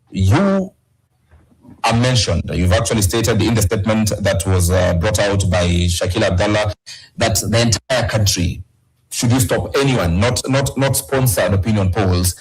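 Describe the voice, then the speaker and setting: A man conducts a formal television interview in a measured tone. His voice is husky and slightly low. Faint music plays behind him. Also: poor audio. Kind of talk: broadcast interview questions.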